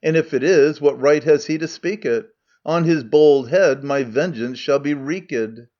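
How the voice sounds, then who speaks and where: A man's voice: a little high, measured pace, darkish tone, dull audio, natural voice. A man voicing a hostile chorus of old men that threatens and calls for help in declaimed verse. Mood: angry.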